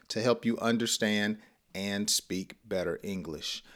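A man leads a live-streamed English class at an unhurried pace. He says each example phrase with care and repeats it, and sometimes chuckles at his own examples. His voice sits at an ordinary middle pitch. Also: clear, resonant tone. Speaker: English teacher.

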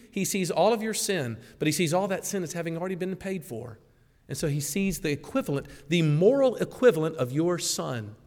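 A man preaching a sermon as a pastor, animated, acting out the voices he quotes and laughing at himself. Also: a little high. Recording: long hall reverb.

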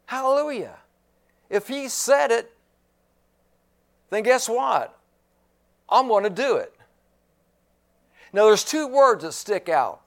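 A male pastor preaching a sermon, slow and emphatic, repeating key phrases and clearing his throat now and then. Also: high voice, animated, fairly bright tone.

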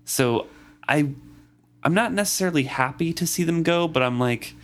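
A man co-hosts a book podcast in casual chat. He speaks in a measured, analytical way and often restarts his sentences as he searches for words. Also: on the high side. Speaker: podcast co-host.

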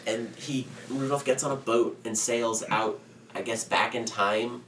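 A man's voice: medium pitch, fairly even intonation, unhurried, a bit bright. A man co-hosting a casual podcast, recapping a movie with swearing, laughter and mock character voices. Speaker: podcast co-host. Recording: roomy echo, distant mic, faint background noise.

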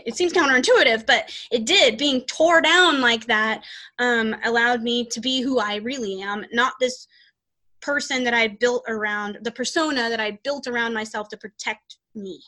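Chatting in a rambling way with many restarts, a woman covers her life and her psychic readings on her podcast. Her voice is a little high, pushed and bright, at a normal speed.

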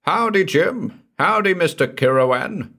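A man booming as a burly jovial doctor. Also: wildly swooping pitch, unhurried, fairly bright tone, full character voice. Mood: hearty. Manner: booming, bluff and hearty. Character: burly jovial middle-aged male doctor.

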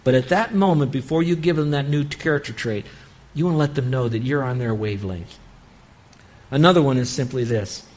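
A man's voice: medium pitch, a little fast, darkish tone. A man preaching a sermon on parenting, earnestly acting out what a parent might say. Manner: earnest, acts out parent-child dialogue. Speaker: pastor.

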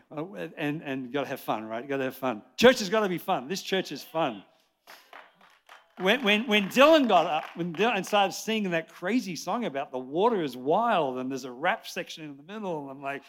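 An Australian man in his sixties preaching a lively sermon to a church congregation, chatty and jokey, rambling with restarts. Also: a little high. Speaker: pastor. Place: church service before a congregation.

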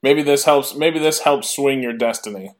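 A man's voice: medium pitch, normal speed. A man hosting a casual podcast, reacting with short remarks and crude jokes.

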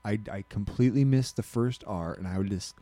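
A man's voice: fairly low pitch, a little fast, mellow, dry recording. A man co-hosting a podcast, chatting casually and telling a rambling story full of restarts and self-corrections. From Alaska. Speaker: podcast co-host. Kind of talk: casual chat.

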